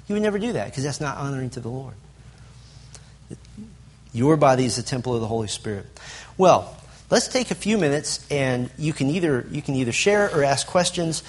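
A man teaches a group a Bible lesson in a mid-range voice at normal speed, posing questions to the audience and driving home lists with emphasis.

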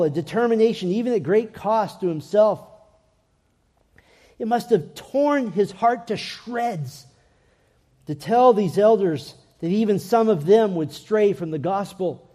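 A man's voice: high voice, lively intonation, unhurried, dark tone. A man preaching a sermon in an earnest way, his voice rising and swelling when he reads scripture aloud.

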